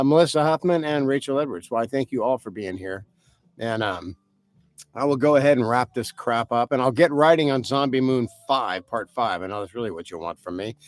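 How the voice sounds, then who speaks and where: A man's voice: mid-range voice, no echo. A man who writes novels, rambling casually through a live stream for his viewers and cursing now and then. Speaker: author hosting a live stream.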